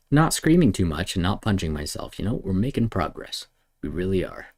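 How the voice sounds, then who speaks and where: A man streaming, ranting angrily and swearing, swinging between loud outbursts and low mutters. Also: very animated, normal speed. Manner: heated, swearing, lurching between shouts and mutters. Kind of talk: angry profane rant.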